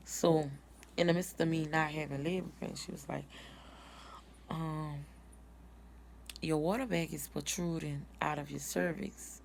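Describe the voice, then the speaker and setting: A woman's voice: sits low, fairly even intonation, a little slow, gravelly, a little hiss or hum. A woman telling her birth story in a casual vlog, acting out each person's words as she goes. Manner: casual, retells dialogue in quotes.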